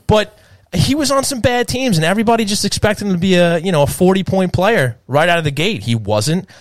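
A man's voice: sits high, dry recording. A man co-hosting a casual sports talk stream, rambling with lots of fillers. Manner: animated, fast, filler-heavy rambling. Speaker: podcast co-host.

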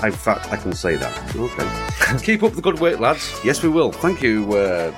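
Lowish-voiced Northern English man. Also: sing-song, over music. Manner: quick agreeing interjections. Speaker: podcast co-host. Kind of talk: casual podcast chat.

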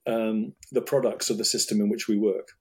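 Brief: middle-aged British doctor, husky and measured, restarts often. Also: male voice, lowish voice, little pitch movement, darkish tone. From United Kingdom. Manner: thoughtful, with many restarts and repeated words. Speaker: urologist guest. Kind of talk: interview conversation.

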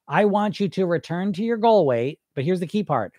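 In a casual podcast monologue about weight loss, a man with a high-pitched, animated, slightly mellow voice talks at a normal speed. He's blunt and emphatic, laughing frequently and mimicking dieters' words, captured at studio quality without echo.

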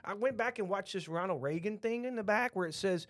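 A man's voice: high-pitched, a little fast, fairly bright tone, no room sound. A middle-aged man with a Texan accent, talking bluntly in a rambling, opinionated podcast chat full of restarts.

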